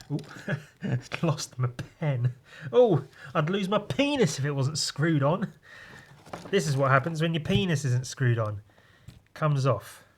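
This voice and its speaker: A man hosting a drawing podcast, rambling through a comic page with crude, self-mocking jokes. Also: medium pitch. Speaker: podcast host and comic artist.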